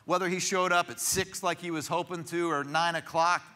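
A man's voice: on the high side, fairly even intonation, normal speed, pushed and bright. A man, a pastor, preaching a sermon in a church, telling stories in a conversational way with frequent restarts. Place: church sanctuary.

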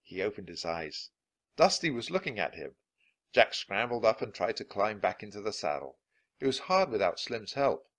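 Man with a lowish voice reading a kids book slow and clear for learners. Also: very animated, a bit bright. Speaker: storybook reader. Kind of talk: children's book read-aloud.

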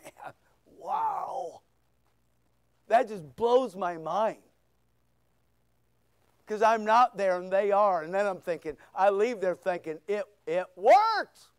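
A man preaching a sermon as pastor, full of rhetorical questions, swinging between loud bursts and hushed asides. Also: high voice, measured pace, pauses often, smooth, dry recording. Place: church.

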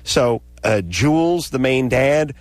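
A man on a talk radio show spins a sarcastic, ranting comic story into a studio microphone. His voice sits at an ordinary middle pitch, and the sound is dry and close with no room around it. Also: slow pace, no echo. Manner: sarcastic, ranting, animated delivery.

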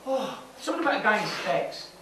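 A man's voice: high voice, very animated, quick pace, heavy background noise. A man doing live stand-up, rambling and self-mocking, laughing as he goes. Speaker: stand-up comedian. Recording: distant mic in an echoey cave venue with loud crowd.

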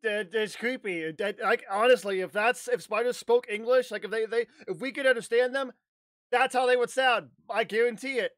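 A man telling a casual, animated story on his vlog, rambling with restarts and the odd swear word. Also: very high voice, moderate pace, dry recording. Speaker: YouTuber.

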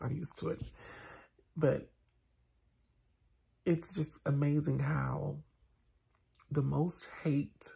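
A woman's voice: a bass voice, creaky, a little mellow, husky. A woman, chatting sassily to her viewers in a casual vlog recap, now and then dropping into a whisper. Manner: sassy and chatty, with asides to the viewers. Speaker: vlogger.

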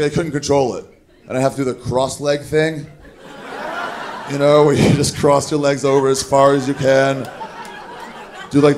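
A man doing a stand-up comedy set on a club stage, telling a story with animated, shouted put-on voices. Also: a little high, a little hiss or hum. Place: comedy club stage before a live audience. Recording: live club recording with crowd. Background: audience laughter.

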